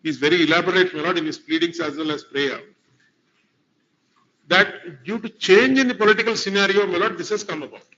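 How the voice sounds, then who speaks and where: A man's voice: high-pitched, a little fast, pushed and bright. A man with an Indian accent arguing a case before judges, formal, addressing the bench as "my lord" throughout. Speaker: advocate arguing before a court. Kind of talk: courtroom legal argument. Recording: lo-fi courtroom livestream audio.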